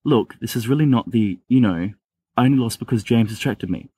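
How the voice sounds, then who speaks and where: A man's voice: medium pitch, brisk, mellow, breathy edge, no room sound, studio quality, natural voice. A man voicing a reckless teenage boy who stammers and pleads in a slightly raised voice, in an amateur audiobook reading. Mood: stammering. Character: reckless, excitable teenage boy wizard Sirius.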